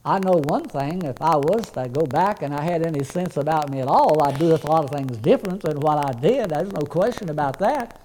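A man's voice: high voice, darkish tone, a little hiss or hum, rough recording. A man preaching a sermon as pastor, earnest and conversational, often restarting his words.

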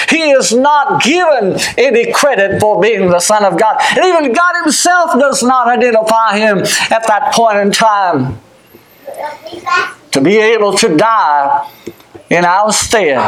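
Impassioned high-voiced preacher. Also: male voice, rough recording. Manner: emphatic, swings between shouting and hushed tones; repeats words, fumbles while looking up scripture. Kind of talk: sermon.

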